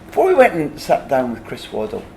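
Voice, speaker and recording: A man's voice: mid-range voice, wildly swooping pitch, fairly quick, creaky, mellow, slight background noise. A man hosting a podcast interview, asking long, searching questions scattered with fillers. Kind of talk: casual conversation.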